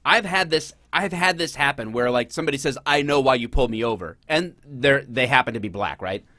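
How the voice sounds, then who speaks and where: A middle-aged man hosting a casual commentary show, talking in an animated, sarcastic way. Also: medium pitch, fairly quick, dry recording. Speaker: host.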